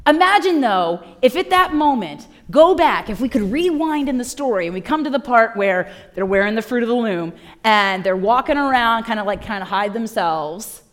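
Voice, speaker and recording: Woman preaching with animated storytelling. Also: a little high, normal speed, few pauses. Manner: animated storytelling, acting out voices. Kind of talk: sermon.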